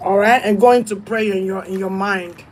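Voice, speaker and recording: A woman's voice: mid-range voice, steady tone, a little fast, a little mellow, a little hiss or hum, low-quality recording. Blunt, profane woman giving spiritual advice. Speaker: tarot reader.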